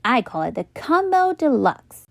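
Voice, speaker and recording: A woman voicing a cheerful young schoolgirl who is proud of her unusual sandwiches, speaking high and insistent. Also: big pitch swings, unhurried, creaky, no echo, studio quality, heavily acted.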